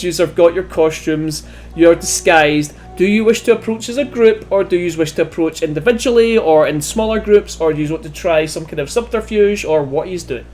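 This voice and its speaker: Chatty game master saying "yous". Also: female voice, on the low side, a little mellow. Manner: chatty, laughs often, says "yous". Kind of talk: narrating a tabletop game.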